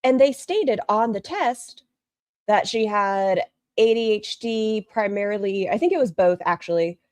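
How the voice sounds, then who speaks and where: A woman's voice: medium pitch, animated, unhurried, a little mellow, no echo. A woman hosting a casual livestream, chatting bluntly and reading viewer comments aloud. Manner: blunt and gossipy. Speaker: livestream host.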